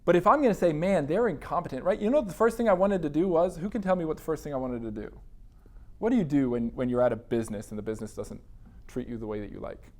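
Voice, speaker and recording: A man's voice: fairly high pitch, animated, fast. A man giving a university counseling lecture in a casual, conversational way, acting out his own inner dialogue. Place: classroom.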